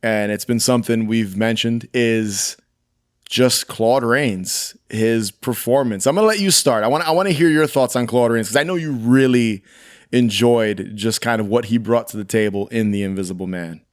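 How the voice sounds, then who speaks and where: A man co-hosting a film podcast, chatting casually and recapping with quick asides. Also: medium pitch. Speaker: podcast co-host. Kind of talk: casual chat reviewing a film.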